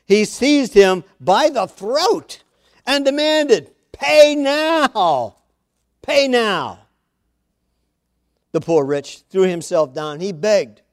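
Speaking slowly in an animated, high-pitched voice, a male pastor reads from scripture during his sermon. He presses his message through repetition and questions aimed at the congregation, recorded in studio quality without echo.

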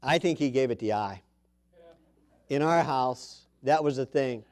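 A middle-aged man preaching a sermon, with sudden loud bursts, soft drops, and scripture read slowly aloud. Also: medium pitch.

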